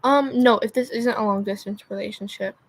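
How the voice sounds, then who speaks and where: Fairly quick and mid-range, a young woman's voice rambles through a livestream chat as she keeps losing her train of thought amid constant filler words.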